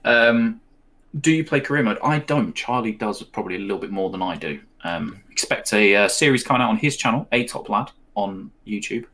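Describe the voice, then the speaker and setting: A low-voiced man talks through a football match live with a friend. He rambles with fillers and chuckles between calls of the play. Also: expressive, fairly quick, bright, forceful tone. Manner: chatty, rambling, with fillers and laughs. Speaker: co-host of a match watch-along.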